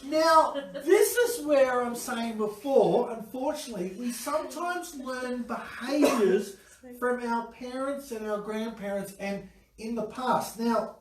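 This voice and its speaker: A man's voice: very high voice, unhurried. A man telling an anecdote at a dinner table, acting out voices and chuckling as he goes. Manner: storytelling with acted voices and chuckles. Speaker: guest expert. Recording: roomy sound from a distant mic.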